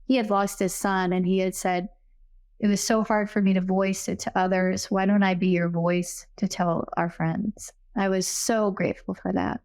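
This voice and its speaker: A woman's voice: mid-range voice, flat delivery, normal speed, a little mellow. Middle-aged woman telling her story. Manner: earnest, acts out remembered dialogue. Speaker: podcast guest, psychic medium. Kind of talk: personal storytelling in a casual interview.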